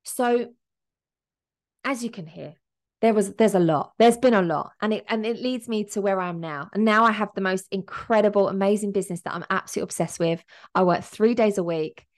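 A woman's voice: mid-range voice, brisk. A woman, hosting a solo podcast as a business coach and talking in an emotional, upbeat, motivational way.

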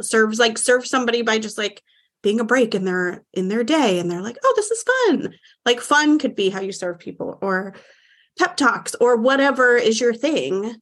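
Woman, animated, rambling, filler-heavy, fairly high voice, casual chat. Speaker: podcast guest, marketer.

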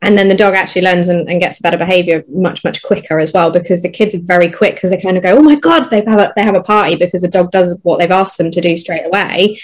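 A woman dog trainer talking casually on a panel, quick and chatty with many fillers. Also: on the low side, little pitch movement.

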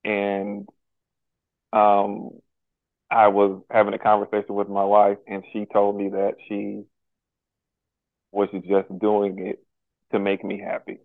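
A man speaking as a podcast guest in a candid personal conversation, halting and earnest, with many pauses and restarts. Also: on the low side, completely flat delivery, dry recording. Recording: tinny phone-like line, dry.

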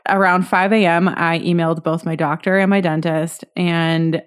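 A woman in her thirties talks straight to her listeners in a solo podcast episode. Her voice sits a little low, and she rambles candidly, full of "like" and self-corrections. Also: little pitch movement, moderate pace, smooth. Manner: candid, chatty, many fillers and restarts. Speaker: podcast host.

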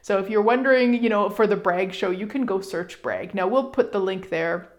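A middle-aged woman hosting a casual self-help talk, chatty and animated, with fillers and emphatic asides. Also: mid-range voice, moderate pace. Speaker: podcast host.

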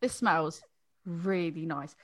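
A woman's voice: on the low side, slow pace, no echo. A woman from Boston, a brewery co-founder, chatting as a podcast guest; she laughs often and trails off mid-sentence. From Boston, USA. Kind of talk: casual chat.

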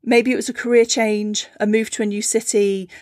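A woman hosting a reflective teaching talk, gentle and encouraging, with a playful storytelling manner. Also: medium pitch, level tone, moderate pace, no room sound, studio quality. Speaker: podcast host and spiritual teacher.

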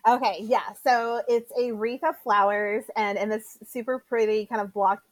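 A woman guest on a podcast, speaking earnestly and quickly in casual chat, sometimes tripping over her words. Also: a little high, fairly even intonation, no echo, low-quality recording.

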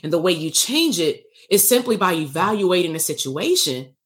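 A woman's voice: on the low side, big pitch swings, moderate pace. A woman hosting a live online workshop, telling a story casually and animatedly, acting out dialogue and laughing often. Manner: casual and salty, with frequent laughs. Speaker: bootcamp host and therapist coach.

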